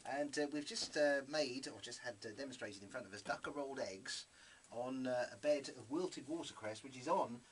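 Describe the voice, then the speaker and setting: A man's voice: mid-range voice, normal speed. A man hosting an evening radio show, chatting enthusiastically in the studio with plenty of hesitant fillers. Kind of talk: casual studio chat. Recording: noisy broadcast recording.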